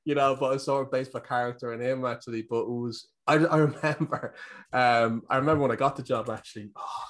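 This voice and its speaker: Fast-talking Irish man rambling. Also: mid-range voice, steady tone, a bit bright. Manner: rambling, self-interrupting, many fillers. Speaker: actor, guest. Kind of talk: casual interview chat.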